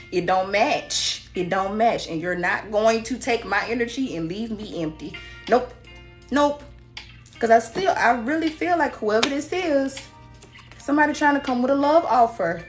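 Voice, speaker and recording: Sassy blunt woman giving a reading. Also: a little high. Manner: sassy, blunt, laughs often, acts out quoted people. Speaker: tarot reader. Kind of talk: casual spiritual reading to viewers.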